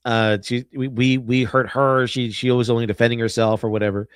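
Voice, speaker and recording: A man's voice: medium pitch, little pitch movement, fairly quick, clear, resonant tone, no echo, clean studio sound. A man hosting a stream, rambling through casual film commentary in a sarcastic tone, full of fillers and restarts. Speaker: stream host.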